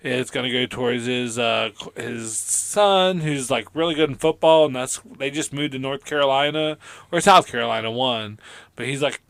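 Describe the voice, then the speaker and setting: A podcast co-host with a bright, ringing voice, animated in casual chat and quick to break into laughter. He acts out little scenes with store clerks as he tells his stories. The recording is dry and close, with almost no room sound. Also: medium pitch, no room sound.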